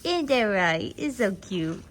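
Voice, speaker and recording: A woman chatting casually on camera in a horse barn at night, rambling and laughing, cooing softly to the mares and foals. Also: medium pitch, very animated, slow. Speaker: foaling attendant filming her barn. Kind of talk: casual vlog chat.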